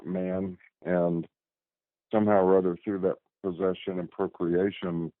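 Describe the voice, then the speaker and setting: A man with a very low voice speaks as a guest over a tinny phone line. His delivery is halting, often repeating words while he gathers his thoughts, and the sound is dry and close. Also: no echo. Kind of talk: casual conversation.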